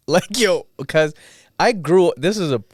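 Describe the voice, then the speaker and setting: A man's voice: high-pitched, animated, slow, no echo, clean studio sound. A young man hosting a podcast in casual chat, laid-back and slangy, laughing often. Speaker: podcast host.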